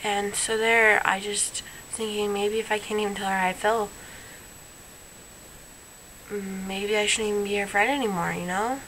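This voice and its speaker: Young woman, bright voice, rambling hurt vlog confession, faint hiss on the recording. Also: mid-range voice, fairly even intonation, moderate pace, long pauses, rough recording. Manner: earnest, rambling, upset. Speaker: vlogger.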